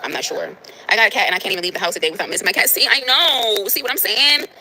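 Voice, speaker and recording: Brief: nasal woman livestreamer, quick delivery, bright edge, emphatic and repetitive. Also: mid-range voice, animated, breathy edge, low-quality recording. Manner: emphatic and preachy, repeats phrases. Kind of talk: casual livestream talk to viewers.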